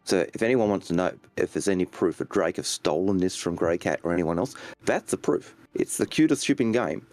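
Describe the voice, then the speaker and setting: A man's voice: deep voice, lively intonation, a little fast, hardly any pauses, darkish tone. A man co-hosting a casual chat, sick and worn in the voice, teasing and joking. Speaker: co-host.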